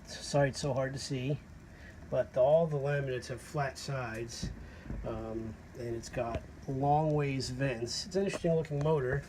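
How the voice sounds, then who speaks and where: In a low-quality recording with slight background noise, a man with a somewhat mellow mid-range voice talks about a vintage fan he collected. It's a casual show-and-tell on his porch, rambling and hesitant with frequent fillers.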